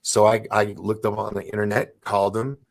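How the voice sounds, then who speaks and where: A man in his forties hosting a casual chat, telling stories in a rambling, excitable way with many restarts. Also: fairly low pitch, fairly quick, vocal fry. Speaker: host.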